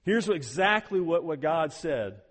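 A man preaching from the pulpit with a fairly high voice that swings between soft and loud. He doubles back on words as he drives each point home. The sound rings out in the long reverb of a big sanctuary. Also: animated, measured pace. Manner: emphatic, repeats words while building a point. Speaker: pastor. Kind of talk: sermon.

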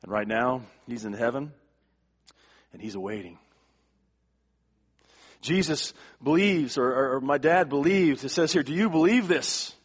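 A male pastor delivering a sermon, emphatic, repeating words for stress and swinging from quiet to forceful. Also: mid-range voice, expressive, measured pace, pauses often, breathy edge.

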